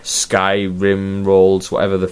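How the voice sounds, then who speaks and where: A man's voice: deep voice, completely flat delivery, slow, clear, resonant tone. A man giving a casual, ranting wrestling review in a video blog, swearing freely. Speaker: wrestling vlogger.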